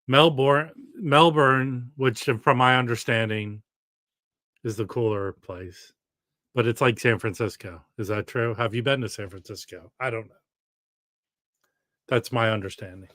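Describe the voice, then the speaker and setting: A man's voice: mid-range voice, steady tone, a little slow, fairly bright tone, no echo. A man hosting a casual live stream alone, rambling and chatty as he reads out viewer comments.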